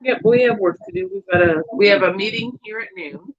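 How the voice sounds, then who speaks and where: A woman's voice: mid-range voice, brisk, muffled recording, crowd noise. A middle-aged woman co-hosting a casual chat show, bantering playfully and correcting her co-host.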